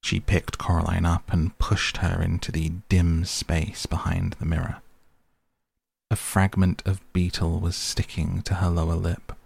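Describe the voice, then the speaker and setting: Male audiobook narrator, low and gravelly, unhurried grave delivery. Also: darkish tone. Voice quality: deep, gravelly, husky voice. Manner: slow, grave, measured reading.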